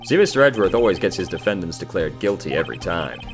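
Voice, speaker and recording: An earnest, gruff detective, as a man reads him with a low, animated voice and a folksy way of talking. Game music plays beneath him. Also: quick pace. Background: video game music.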